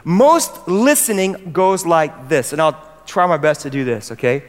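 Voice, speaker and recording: A man's voice: fairly high pitch, expressive, unhurried. An American man, a pastor, gives an earnest, emphatic sermon to church leaders and asks the room questions. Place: large hall with other church leaders. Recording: long hall reverb.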